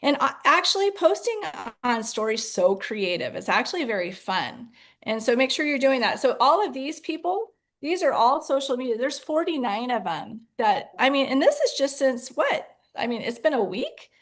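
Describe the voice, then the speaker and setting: A woman on a video call, coaching her team in an enthusiastic, casual way. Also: high voice. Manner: enthusiastic, quick bursts of excitement.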